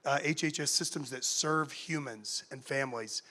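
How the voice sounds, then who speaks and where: A man's voice: medium pitch, moderate pace, bright, forceful tone. A man on a conference panel who speaks earnestly, with frequent uhs and restarts. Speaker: panelist, former state official. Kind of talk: panel discussion answer. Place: conference stage before an audience.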